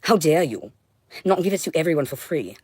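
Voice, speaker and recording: A woman speaks alone on a livestream in a fairly low voice, heard dry with no room sound. Her talk is intense and profane, coming in short, broken phrases. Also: very animated, fairly quick, darkish tone, slightly rough, dry recording. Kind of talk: rambling solo livestream monologue.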